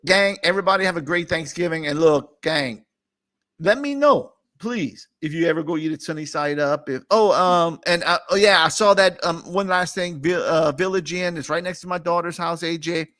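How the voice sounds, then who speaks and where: A middle-aged man chats casually and rambles through his stream, laughing now and then. His voice sits a bit high for a man. The sound is dry and close, with no room around it. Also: normal speed, fairly bright tone, no echo. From New Orleans area. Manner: rambling, chatty, laughs often. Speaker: host. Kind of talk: casual livestream chat.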